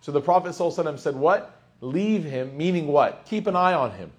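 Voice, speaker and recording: A man giving a conversational lecture on Quranic commentary, animated and chatty with playful asides. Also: on the high side, fast talker. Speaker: Islamic teacher.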